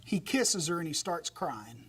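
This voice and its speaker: A pastor delivers a conversational sermon in a slightly high, sing-song voice that sounds fairly bright and moves a little slowly. He retells a story with animation, dropping in folksy, humorous asides.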